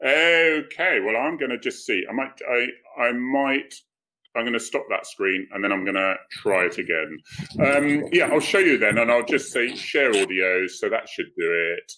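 A middle-aged Cornish man hosts a casual live stream and talks through computer audio. His voice swings lively up and down with a bright edge, and he laughs easily as he tells his stories. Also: medium pitch, moderate pace, low-quality recording. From Cornwall. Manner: chatty, laughs often, animated storytelling. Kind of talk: casual chat. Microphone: computer mic on a live stream.

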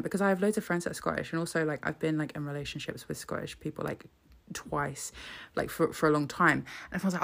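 Podcast host: young woman, low gravelly voice, rambling and sweary. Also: animated, quick pace. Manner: chatty, sweary, rambling with many restarts. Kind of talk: solo podcast monologue.

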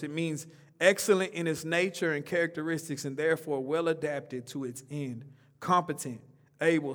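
A man preaching a sermon in a casual, conversational way, calling out to the congregation for responses and swinging between loud emphatic lines and soft, low ones. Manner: call-and-response preaching, rising emphatic then dropping soft; informal, conversational speech.

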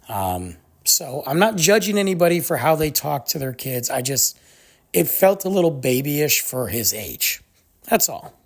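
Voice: mid-range voice, very animated, unhurried. A podcast host telling stories in a solo monologue, ranting with animation and acting out the people quoted along the way. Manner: acts out quoted people mid-story.

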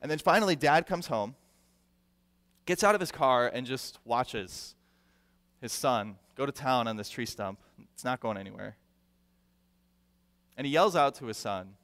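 A male pastor preaching a sermon with animated delivery, acting out the people he quotes and repeating words for emphasis. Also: mid-range voice, normal speed, pauses often, smooth. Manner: animated, acts out quoted voices; repeats words when stressing a point. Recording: long reverb of a large hall.

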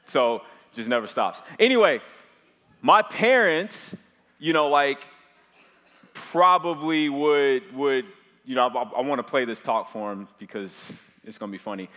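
A young man in his twenties preaching, chatty and rambling as he tells a story straight to the crowd. His voice sounds bright and forward at an ordinary pitch, and it rings out with a long reverb like a big church hall. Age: 20s. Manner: chatty and loose, heavy on filler words. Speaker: pastor. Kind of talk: storytelling sermon to a live audience.

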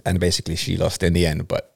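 Fast-talking young man. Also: low voice, monotone, vocal fry, husky, dry recording, studio quality. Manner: quick slangy banter, teasing. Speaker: podcast co-host. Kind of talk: casual chat.

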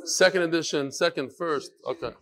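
A man's voice: a little high, normal speed, fairly bright tone. A man hosting a casual chat show, reading listener emails aloud with joking asides.

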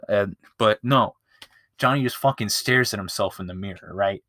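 A man's voice: lowish voice, normal speed, sharp tone, no echo, clean studio sound. Rambling, swearing guy reviewing a movie. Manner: rambling, profane, loses his place. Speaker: podcast host. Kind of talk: casual movie review chat.

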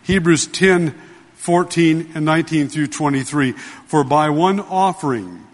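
A man's voice: on the high side, measured pace. Emphatic preacher man in a reverberant hall. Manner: emphatic, asks the congregation questions; repeats key phrases, addresses listeners as "dear ones". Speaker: pastor. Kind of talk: sermon.

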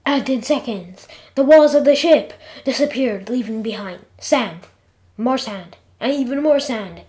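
A woman narrating her own episodic story in a lively, expressive reading. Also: fairly high pitch, measured pace.

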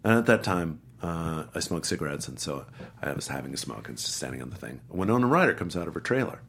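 A man's voice: very deep voice, fast talker, slight background noise. A middle-aged man telling a casual anecdote, acting out the voices and accents of the people in it. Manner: animated storyteller, acts out voices and accents. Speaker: guest actor telling a story.

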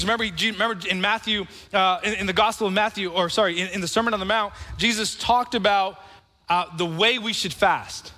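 High, bright-voiced male preacher. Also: fairly quick, big-room sound. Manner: conversational preaching, calls for the congregation to respond. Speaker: pastor. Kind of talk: sermon.

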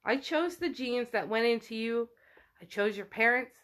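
A woman's voice: a little high, lively intonation, fairly bright tone. A woman voicing a taunting male spirit. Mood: menacing. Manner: fast, taunting, possessive. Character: menacing male spirit craving a body. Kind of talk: casual retelling of a novel.

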